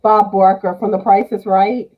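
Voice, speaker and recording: A woman chatting as a guest on a live show, easygoing and quick to laugh. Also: medium pitch, steady tone, narrow, tinny audio. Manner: slow and easygoing, laughs often. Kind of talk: casual chat.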